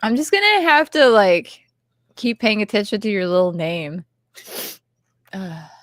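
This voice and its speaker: A playful woman chatting casually on a livestream, her pitch bouncing up and down as she giggles her way through small talk. She talks over an online call. The sound is dry and close, with no room echo. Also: animated, a little slow. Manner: giggly, playful and easygoing, laughs often. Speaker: co-host.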